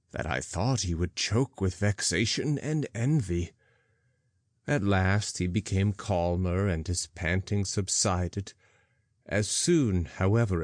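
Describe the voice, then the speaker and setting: A man reading an audiobook in slow, deliberate, archaic English. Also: deep voice, no room sound. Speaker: audiobook narrator. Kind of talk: scripted narration.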